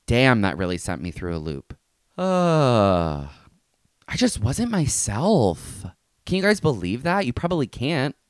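Young male podcast host, lively swooping delivery, exasperated and sarcastic, dry close mic. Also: mid-range voice, measured pace, no echo. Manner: animated, exasperated ranting with sarcastic asides. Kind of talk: casual solo podcast rant.

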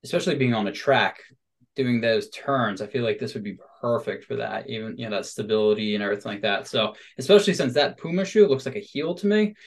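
A man hosts a podcast in relaxed, chatty conversation. He sounds upbeat and animated. His voice sits at an ordinary middle pitch. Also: fast. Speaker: podcast host. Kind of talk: casual conversation.

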